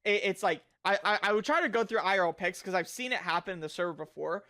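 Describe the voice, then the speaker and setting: A young man streaming a reaction video, ranting with lots of swearing and frequent shouting. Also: high voice, quick pace. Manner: loud, profane, frequently shouting.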